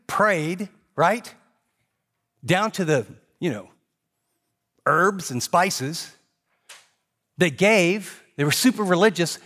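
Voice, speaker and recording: Middle-aged guy pastor preaching, talks super fast, lively storytelling, kinda high voice. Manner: fast-talking, animated storyteller. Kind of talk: sermon.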